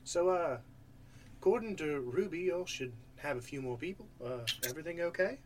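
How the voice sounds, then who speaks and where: A man's voice: fairly high pitch, expressive, normal speed, darkish tone, a little hiss or hum, voice pushed up, close to an everyday voice. A man voicing a friendly old male mayor in a tabletop game, trying for an Irish accent.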